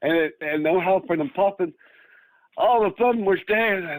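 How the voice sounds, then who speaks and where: A man's voice: sits high, a little fast, no room sound, low-quality recording. Rambling storyteller, a man around sixty. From Northern Michigan. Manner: rambling, full of restarts, acts out quoted speech. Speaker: guest. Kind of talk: casual storytelling.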